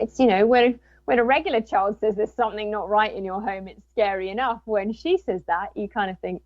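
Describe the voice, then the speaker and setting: A woman's voice: medium pitch, a little fast, hardly any pauses, no room sound, lo-fi sound. Woman telling a story animatedly. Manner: animated retelling with quoted dialogue. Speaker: guest, author and mother. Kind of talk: casual storytelling.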